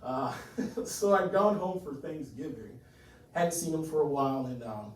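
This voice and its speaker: A man's voice: fairly high pitch, lively intonation, a little slow, very echoey, far from the mic, slight background noise, rough recording. A man performing a stand-up set, telling self-mocking family stories. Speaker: stand-up comedian.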